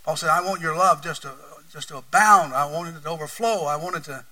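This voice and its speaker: The sermon comes from a pastor with an East Tennessee accent, speaking a little fast and with real earnestness as his volume swells and ebbs. He sounds very bright and a touch high, sitting far from the mic in a church room on a low-quality recording.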